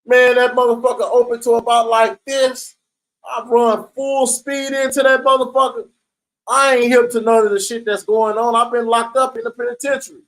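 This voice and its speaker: A man's voice: very high-pitched, flat delivery, normal speed, fairly bright tone, rough recording. A man telling a story in a casual, streetwise way, swearing freely and often checking in with "right?". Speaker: storyteller recounting prison life.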